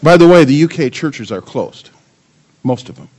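A man's voice: on the high side, normal speed. An older man preaching a sermon, firing rhetorical questions at the congregation and joking with his grandchildren. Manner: animated, asks the audience many questions. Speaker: pastor.

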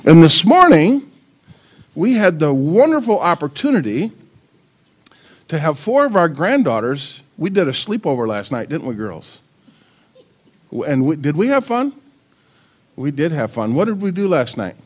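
Here an older man, a pastor, preaches with a slightly high voice at a moderate pace, pausing often. Animated throughout, he throws rhetorical questions at the congregation, quizzes the audience repeatedly, and jokes with his grandchildren.

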